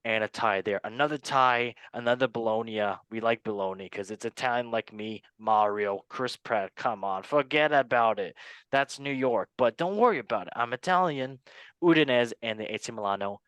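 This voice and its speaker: A man's voice: medium pitch, normal speed, fairly bright tone, clean tone, dry recording, natural voice. A man doing a comedic impression of a goofy, self-promoting male movie star, clowning around. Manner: clowning, repeating a catchphrase-like self-introduction.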